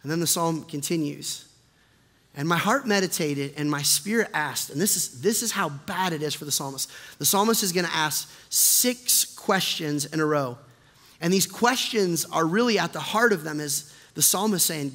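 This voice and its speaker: Male pastor, high bright voice, impassioned sermon delivery, long church-hall reverb. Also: lively intonation, moderate pace. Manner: impassioned, builds from hushed to loud. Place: church sanctuary.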